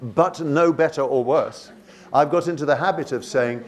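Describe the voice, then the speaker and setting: A man's voice: on the high side, normal speed. A man leading a teacher workshop, reading poem lines aloud and asking the room questions, with many restarts. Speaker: teacher trainer.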